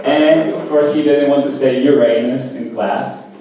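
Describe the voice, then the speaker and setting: A man performing open mic stand-up comedy at a small cafe, talking in a casual, halting way with lots of fillers. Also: mid-range voice, steady tone, mellow, heavy reverb, distant mic, a little hiss or hum, poor audio. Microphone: handheld stage mic.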